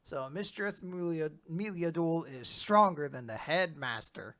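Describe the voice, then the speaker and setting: A man's voice: a little high, measured pace, fairly bright tone. A man on a podcast casually recapping manga chapters, retelling scenes and quoting lines, often laughing. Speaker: podcast host.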